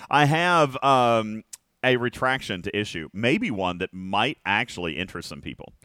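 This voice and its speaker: Male podcast host, middle-aged, low register, dry sound, talkative and quick to laugh. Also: animated, bright, forceful tone, no echo. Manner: chatty, laughs often, drawn-out emphasis. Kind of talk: casual chat.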